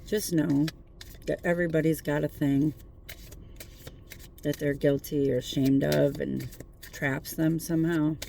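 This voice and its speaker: A tarot reader talks into a phone from a parked car at night in a gravelly, creaky voice. The talk is a casual spiritual pep talk, earnest and encouraging, but full of swearing and wisecracks. A faint hiss sits under the voice. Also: medium pitch, level tone, a little slow, pauses often, warm tone. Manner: profane, joking, earnest encouragement.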